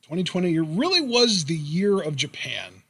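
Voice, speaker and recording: Man, podcast co-host, casual playful chat, bright forceful tone, slightly high, dry close sound. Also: very animated, moderate pace, breathy edge, dry recording. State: saving his voice.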